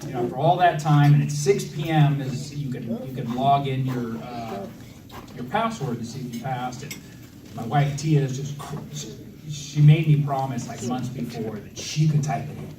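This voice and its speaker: Speaking at a moderate pace in a mid-range voice, a man in his thirties toasts his brother at the wedding reception. He jokes at his own expense, with many fillers and restarts, while the far-off recording picks up hall echo, a noisy background, and loud crowd ambience.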